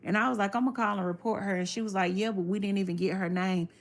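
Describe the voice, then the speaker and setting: A woman, casually telling viewers a story in a blunt, animated way and swearing freely. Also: medium pitch, fast talker. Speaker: livestreamer talking to viewers.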